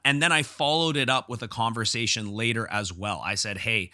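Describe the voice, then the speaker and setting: Bright-voiced man telling a gym story. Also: mid-range voice, brisk, hardly any pauses, dry recording, studio quality. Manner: storytelling, repeats and restarts when heated. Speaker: podcast host and gym owner. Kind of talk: casual podcast conversation.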